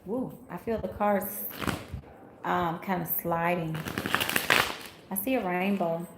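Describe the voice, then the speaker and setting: A woman from Memphis reads tarot cards on a live stream, chatting easily with her viewers and calling them honey. Her voice sits a little low and carries a gravelly edge. The sound has a roomy echo and a faint hum of ambient noise behind it. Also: takes it slowly. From Memphis, Tennessee. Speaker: tarot reader on livestream. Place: rental house, indoors.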